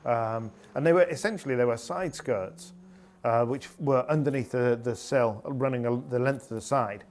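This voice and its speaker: A man's voice: medium pitch, moderate pace, darkish tone. A man on a rally panel, telling long anecdotes in casual chat, full of fillers and restarts. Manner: rambling anecdotal storytelling with fillers. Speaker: rally pundit.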